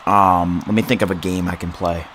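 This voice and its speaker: A young man hosting a casual livestream into a boom-arm mic. He giggles often, rambles, repeats words and mocks himself. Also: level tone, normal speed, a bit bright, slight background noise. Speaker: livestream host.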